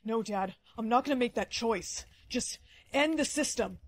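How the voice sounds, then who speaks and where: A woman's voice: a little high, normal speed, slight background noise, lightly acted. A woman playing a loyal young man who stands up to his father in a short skit, speaking earnestly and pleadingly. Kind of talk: short-video skit acting.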